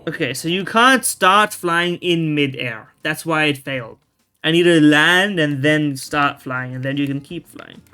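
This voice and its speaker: A man's voice: fairly high pitch, a little slow, pushed and bright, clear, resonant tone. A man giving casual gameplay commentary, rambling and restarting his sentences, with loose slang and the odd swear word. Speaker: video game streamer. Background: faint game music.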